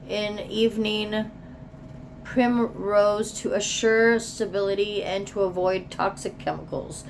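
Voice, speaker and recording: A woman's voice: medium pitch, slight background noise. A woman chatting casually as she unboxes products, reading product descriptions aloud and sometimes dropping to a whisper. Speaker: beauty vlogger.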